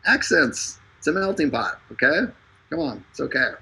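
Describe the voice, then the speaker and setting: A man hosting a live stream, making a casual, joking sales pitch full of fillers and restarts. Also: lively intonation, normal speed, vocal fry, pushed and bright, breathy edge, low-quality recording. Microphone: streaming over an internet connection.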